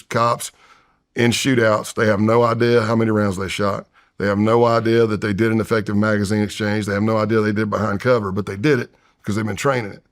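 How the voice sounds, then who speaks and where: A man in his fifties, a retired undercover agent, telling a tense story in an interview and acting out his own past voice and whispers. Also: lowish voice. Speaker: retired FBI undercover agent, podcast guest. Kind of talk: storytelling in a long-form interview.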